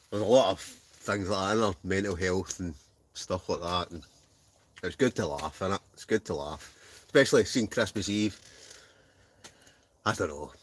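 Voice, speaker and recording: A man's voice: fairly low pitch, a little hiss or hum. A Scottish man hosting a casual live stream from a heated camping tent, bantering and laughing as he reads out viewer messages. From Scotland.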